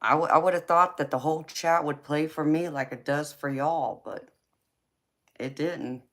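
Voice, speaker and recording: A woman's voice: deep voice, unhurried, fairly bright tone. A woman chatting with viewers on a live tarot stream, teasing and folksy, laughing often. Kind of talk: casual live chat with viewers.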